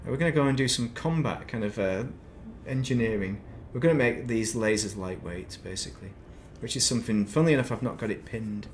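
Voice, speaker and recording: A man's voice: mid-range voice, a little fast, few pauses. A man in mid-range voice talks his way through a game session on stream, drifting off on tangents and poking fun at himself. A faint hum of ambience sits under his close desk mic. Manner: rambling, chatty, self-deprecating asides. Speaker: gaming streamer. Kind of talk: casual live-stream chat while playing.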